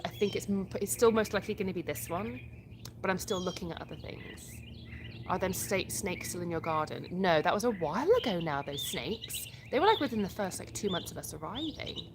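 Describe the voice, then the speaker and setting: A woman's voice: lowish voice, lively intonation, a little fast, background noise. A woman with an English accent hosting a casual live stream, reading out viewer comments and answering them in a chatty way, often restarting her sentences. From England. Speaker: livestream host.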